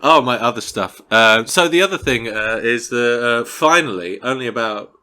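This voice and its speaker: Bright-toned man in playful podcast chat. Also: medium pitch, lively intonation, normal speed. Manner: chatty, playful teasing. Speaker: podcast co-host.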